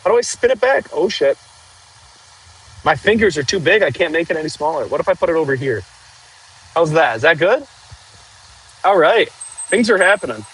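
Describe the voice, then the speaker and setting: Guy livestreaming from the snow, husky, voice bounces up and down a lot, engine rumbling behind. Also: big pitch swings, moderate pace, long pauses, fairly bright tone, poor audio. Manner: chatty, jokey, talks to viewers while working. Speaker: livestream host. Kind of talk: casual livestream chat. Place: outdoors in snow, clearing trees with a machine.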